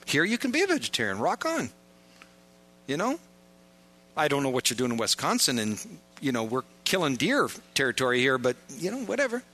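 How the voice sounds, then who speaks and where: A man's voice: mid-range voice, wildly swooping pitch, brisk, bright, forceful tone. A man preaching a sermon as pastor, joking and informal in asides, pressing his points with emphatic repetition.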